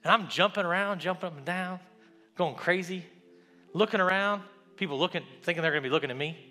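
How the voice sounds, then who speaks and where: A man preaching a sermon, telling a story and building to a loud, repeated call with rising refrains. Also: high-pitched, fast, faint music behind.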